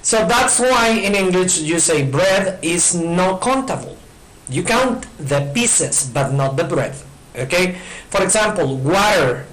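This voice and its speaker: A man's voice: high-pitched, animated, takes it slowly, fairly bright tone, low-quality recording. Man teaching English grammar. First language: Spanish. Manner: patient, repeats points, checks in with "okay?". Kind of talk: recorded classroom explanation. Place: in front of a board.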